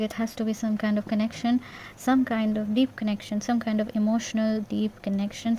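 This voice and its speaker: A woman giving an intuitive tarot reading in a gentle, reassuring way, repeating herself and checking in with "yeah?". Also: medium pitch, slight background noise. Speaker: tarot reader.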